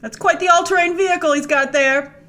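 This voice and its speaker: A woman's voice: very high-pitched, fairly quick, bright, forceful tone. A woman hosting a trailer breakdown, talking casually and playfully with lots of asides as she thinks aloud. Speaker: film trailer reviewer and show host. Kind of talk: casual chatty commentary over a trailer.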